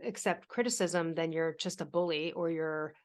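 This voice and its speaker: A woman's voice: deep voice, moderate pace. Woman, author and coach, casual interview, emphatic, chatty, swears. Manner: emphatic, chatty, swears, many "you know what I mean". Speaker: author and confidence coach, guest.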